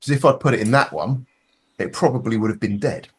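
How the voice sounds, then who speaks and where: A man's voice: mid-range voice, brisk, husky. A Scottish man co-hosting a casual hobby podcast, chatting over a call with frequent restarts and casual swearing. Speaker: podcast co-host. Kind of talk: casual chat.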